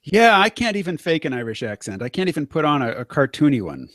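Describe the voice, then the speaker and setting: An American man in casual conversation, explaining things in a measured way with hesitant fillers. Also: a little high, big pitch swings, fairly bright tone, no echo, clean studio sound. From United States. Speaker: conversation partner. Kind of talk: casual chat.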